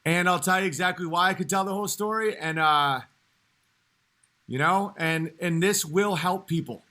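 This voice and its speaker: A male comedian rambling through a casual livestream. He talks with a high, bright voice, stops and restarts a lot, and laughs easily. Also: moderate pace. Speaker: comedian streamer.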